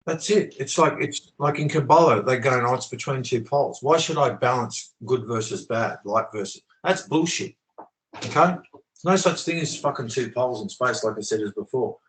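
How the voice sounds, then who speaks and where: A man's voice: medium pitch, lively intonation, normal speed, fairly bright tone, poor audio. A man talking with passion on a video call, swearing often and preaching his views. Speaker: channel host. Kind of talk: impassioned conversational rant.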